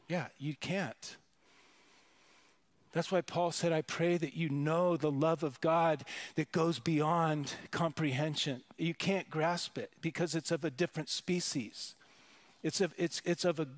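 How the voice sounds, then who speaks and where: A pastor preaching a sermon at a church worship service, earnest and emphatic, repeating words and restarting phrases. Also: male voice, fairly high pitch.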